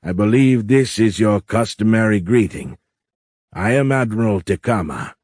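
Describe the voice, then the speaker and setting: A courteous alien admiral who talks in a stiff, formal, measured way, voiced by a male narrator. The voice is low and set in a dry, close recording. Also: expressive, darkish tone, dry recording. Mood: courtly, measured.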